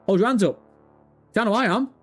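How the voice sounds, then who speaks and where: A man with a British accent hosting a live stream, chatting casually, excitable and swearing freely as he banters with his audience. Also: high-pitched, fairly quick, faint music behind. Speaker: livestream host. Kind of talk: casual livestream chat.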